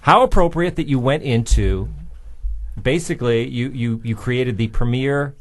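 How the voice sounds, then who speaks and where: A man's voice: mid-range voice, moderate pace. A man hosting a podcast, chatting casually and joking with his guest. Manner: chatty, jokey, encouraging. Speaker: host. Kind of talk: casual interview.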